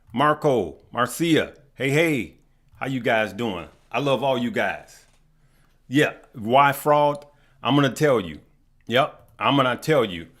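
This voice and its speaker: A man hosting a casual stock market livestream, greeting viewers one by one by name. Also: medium pitch. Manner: unhurried, shout-outs to viewers by name.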